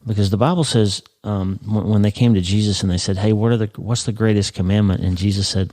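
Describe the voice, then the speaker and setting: A middle-aged man hosting a podcast, talking earnestly about happiness and acting out people's inner thoughts with rising excitement. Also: lowish voice, quick pace, few pauses, no room sound, studio quality. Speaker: podcast host. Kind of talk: motivational podcast talk.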